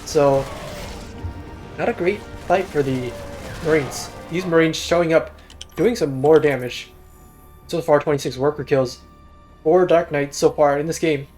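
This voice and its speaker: A man's voice: fairly high pitch, a little slow, long pauses, darkish tone, soft background music. A young man giving casual, self-deprecating solo commentary on a strategy game replay. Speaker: game caster.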